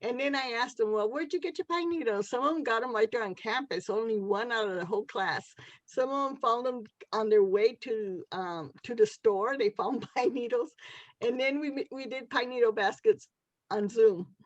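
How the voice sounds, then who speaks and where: A woman's voice: on the high side, moderate pace, no echo, dull audio. A woman who teaches basket weaving, talking casually and often tagging her sentences with questions. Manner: laughs often, tag questions. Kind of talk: casual conversational talk.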